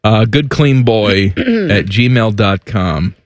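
A man's voice: fairly low pitch, lively intonation, slow pace, no echo. A man co-hosting a radio show, chatting in a playful, joking way. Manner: playful, jokey, slips into silly impressions. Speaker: radio co-host; father. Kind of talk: casual radio banter.

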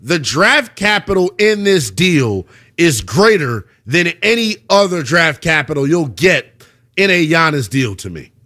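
Guy doing sports radio, voice swings all over, a bit high, loves a rhetorical question. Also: a little slow. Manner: animated, argumentative, rhetorical questions. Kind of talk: sports talk radio commentary.

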